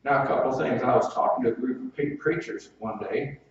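A man's voice: mid-range voice, fairly quick, a little hiss or hum. A male preacher delivering a sermon in a folksy, conversational way, with personal stories and asides. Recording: very echoey, distant, dull hall sound.

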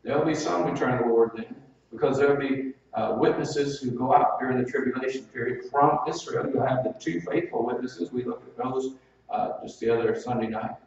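A man's voice: mid-range voice, gravelly, a little mellow. A male preacher delivering a sermon in a folksy, conversational way, with personal stories and asides. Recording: very echoey, distant, dull hall sound.

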